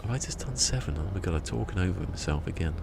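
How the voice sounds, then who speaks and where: Very deep creaky man. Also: lively intonation, fast talker, noisy background. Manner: rambling, muttering to himself, chuckling. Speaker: streamer. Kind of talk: casual gameplay livestream chat. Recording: game music in the background.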